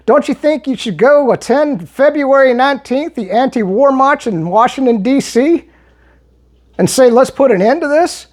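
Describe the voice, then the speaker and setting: A man's voice: very high-pitched, lively intonation, normal speed. A man giving a heated, argumentative monologue as he answers viewer comments, often restarting his sentences. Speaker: political commentary vlogger.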